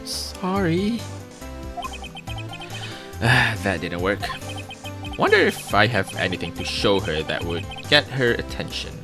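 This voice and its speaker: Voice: low-pitched, very animated, normal speed, over music. A streamer casually commenting while playing a story game, thinking aloud and joking about their own voices.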